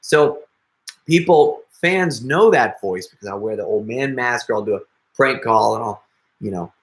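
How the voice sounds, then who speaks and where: A man's voice: medium pitch, expressive, moderate pace. A middle-aged man chatting casually with viewers on a live stream, joking and laughing often. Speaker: prank video creator hosting a live stream.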